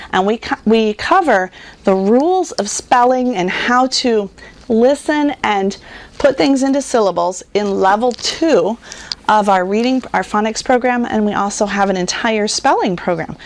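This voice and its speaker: A woman who runs a reading curriculum, giving parents a patient, explanatory talk on teaching phonics and spelling and sounding words out slowly. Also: mid-range voice. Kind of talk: instructional talk to homeschool parents.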